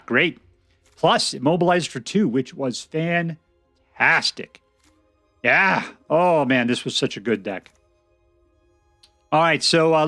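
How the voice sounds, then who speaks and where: A man giving casual, chatty commentary on a card game he is playing, thinking out loud with restarts and bursts of excitement. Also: fairly high pitch, no echo. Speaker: game streamer. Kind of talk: casual gameplay commentary and deck review.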